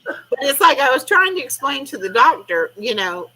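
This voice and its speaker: A woman's voice: sits high, sing-song, moderate pace, sharp tone, slightly rough, poor audio. An older woman, chatting casually on a live stream over a video call and acting out conversations as she tells stories. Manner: chatty storytelling, acting out quoted talk. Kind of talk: casual chat.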